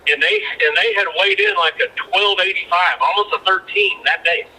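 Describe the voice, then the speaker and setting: A man's voice: sits high, wildly swooping pitch, moderate pace, sharp tone, rough recording. A man who used to be a fishing guide, telling rambling anecdotes with many restarts as a podcast guest. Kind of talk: casual storytelling chat.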